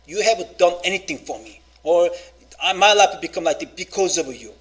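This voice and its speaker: High-voiced man preaching a sermon. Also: expressive, a bit bright. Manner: halting, many fillers, rising emphatic quoting. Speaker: pastor.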